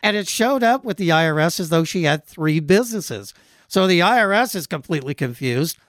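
A man's voice: high voice, fairly bright tone, no echo, clean studio sound. A man who is a tax professional, explaining in an earnest way with small restarts as a regular guest on a radio talk show.

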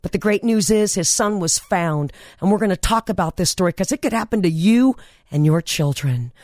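A woman's voice: fairly low pitch, animated, normal speed, a little mellow, no room sound, studio quality. A woman hosting a radio talk show, telling stories in a chatty, enthusiastic way. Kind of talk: casual radio monologue.

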